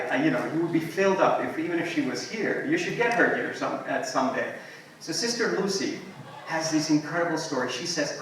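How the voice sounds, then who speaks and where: Male speaker, storytelling keynote, animated, very roomy hall, distant mic. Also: fairly high pitch, slight background noise. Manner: animated storyteller, voices quotes, drops to soft tones. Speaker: invited speaker. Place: symposium hall. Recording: echoey hall, picked up from afar.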